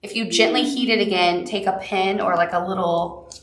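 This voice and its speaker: A woman's voice: mid-range voice, normal speed, echoey room, recorded from a distance, slight background noise. A woman with a Southern accent leads a live quilting tutorial, chatty and upbeat, with cute little asides. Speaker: quilting instructor.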